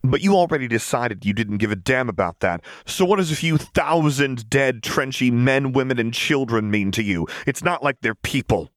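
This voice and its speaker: A man's voice: medium pitch, expressive, normal speed, hardly any pauses, dry recording, studio quality, pitched above the performer's own voice, close to an everyday voice. A man doing a crude, snarling tough young woman. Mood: scornful. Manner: sneering, crude, combative.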